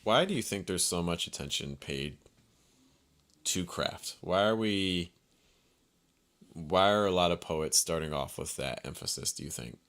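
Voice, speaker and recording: Man, low voice, measured, thoughtful, casual discussion. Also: expressive, fairly bright tone. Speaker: podcast co-host. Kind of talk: casual conversation.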